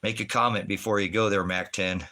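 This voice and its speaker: A man's voice: on the low side, fairly even intonation, fairly quick, bright, forceful tone. Profane, rambling man ranting at his chat. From Oregon, USA. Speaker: livestreaming vlogger. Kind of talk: casual livestream rant. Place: indoors at home on a farm.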